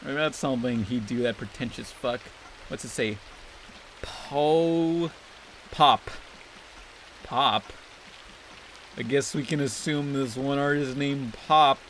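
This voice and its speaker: A man's voice: mid-range voice, fairly bright tone, slight background noise. A young man giving crude, sarcastic, constantly swearing commentary while playing a video game. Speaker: let's play host. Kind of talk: profane gameplay commentary.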